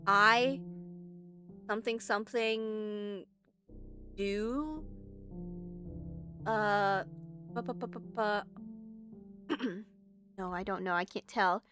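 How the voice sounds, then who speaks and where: A woman's voice: mid-range voice, drawn-out words, pauses often, music in the background. A young woman playing a game for the first time, reacting with shrieks and mumbling as she tries to make sense of it. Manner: excitable, shrieking reactions, mumbling while puzzling. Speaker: game streamer. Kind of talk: let's play commentary.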